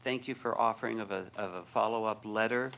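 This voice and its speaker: A man chairing a city preservation board meeting, speaking haltingly with many fillers and restarts into a desk microphone in a city hall chamber. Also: on the low side, steady tone, fairly bright tone. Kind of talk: public meeting remarks.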